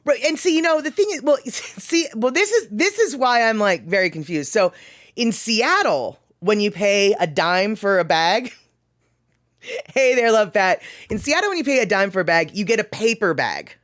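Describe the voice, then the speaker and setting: Hosting a casual livestream, a woman from the US Pacific Northwest reads viewer comments aloud and chats with frequent laughs and rambling asides. Her mid-range voice has a sing-song quality and a moderate pace, captured dry with clean studio sound.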